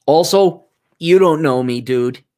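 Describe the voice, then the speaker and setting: A man's voice: on the high side, slow, a little mellow. Rambling man giving casual advice. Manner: rambling, stops and restarts often, informal and blunt.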